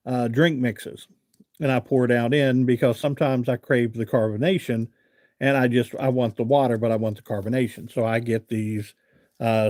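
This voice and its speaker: A man's voice: medium pitch, dark tone, no echo. Chatty man telling a story to his live chat, dry close sound. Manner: chatty, rambling with fillers and repeated "I said". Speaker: livestream host.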